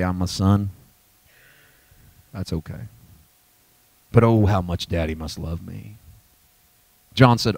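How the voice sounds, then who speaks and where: A middle-aged man preaching a sermon in a church, swinging from shouted, high-pitched peaks to low, quiet reflection. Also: no room sound. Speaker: pastor.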